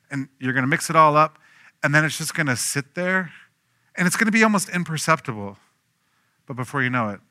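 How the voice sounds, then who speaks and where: A man preaching a sermon, telling stories with lively acted-out voices and swinging from hushed to loud. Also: medium pitch, no echo, studio quality. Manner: animated storytelling, acting out quoted voices, swinging from hushed to loud. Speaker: pastor.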